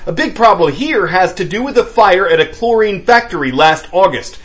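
A man reading the news as anchor in a brisk, clear newsreader delivery. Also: high voice, lively intonation, a bit bright. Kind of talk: scripted news narration.

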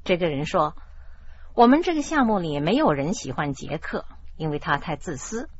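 Husky-voiced woman teaching on the radio. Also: low-pitched, sing-song. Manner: measured explanatory delivery. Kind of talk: radio lesson explaining English idioms. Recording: dull lo-fi radio broadcast.

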